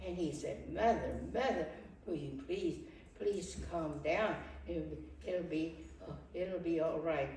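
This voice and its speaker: A woman's voice: low voice, darkish tone. A woman in her nineties playing a fretful first lady, echoey. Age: 90s. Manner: halting, repeats words, frequent restarts. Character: fretful Civil War-era first lady, devoted wife. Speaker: historical portrayer. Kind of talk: first-person historical monologue. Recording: echoey room from far off, faint noise.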